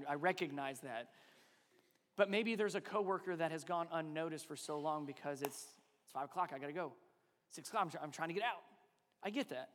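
A pastor in his thirties preaching a sermon, shifting between animated storytelling and soft, slow emphasis. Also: sits high. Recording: long hall reverb.

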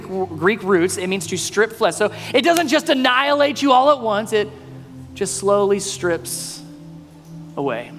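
A male pastor preaching a sermon, mostly earnest and quiet, breaking now and then into loud, playful bursts. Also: sits high. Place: church sanctuary. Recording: long reverb in a hall, faint music.

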